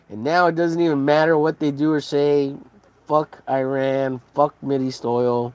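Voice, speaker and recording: A man's voice: fairly high pitch, level tone, measured pace, darkish tone, smooth, lo-fi sound. A man hosting a podcast, ranting casually in a profane, rambling, heated way. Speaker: podcast host. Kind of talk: casual rant.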